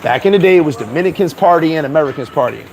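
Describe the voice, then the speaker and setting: High-voiced man ranting outdoors. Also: quick pace, slight background noise, low-quality recording. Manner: emphatic, animated storytelling. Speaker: vlogger. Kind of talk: casual commentary rant.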